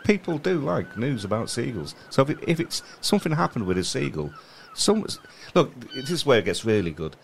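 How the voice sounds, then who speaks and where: A man's voice: mid-range voice, very animated, brisk, vocal fry, slight background noise. A man co-hosting a casual comedy podcast, rambling and reading a news story aloud with wry asides. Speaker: podcast co-host.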